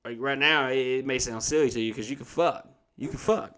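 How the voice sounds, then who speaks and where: Brief: male co-host, crude, laughing, swears freely, middle pitch. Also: a little fast, fairly bright tone, clean tone. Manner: profane, storytelling, laughs a lot. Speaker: podcast co-host. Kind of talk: crude casual chat.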